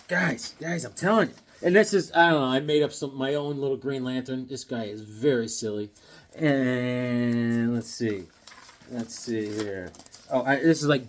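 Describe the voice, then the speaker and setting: Rambling, jokey man in his fifties. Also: medium pitch. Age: 50s. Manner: rambling, jokey, drops into silly voices. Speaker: comic collector and hobby artist. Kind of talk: casual chat to camera.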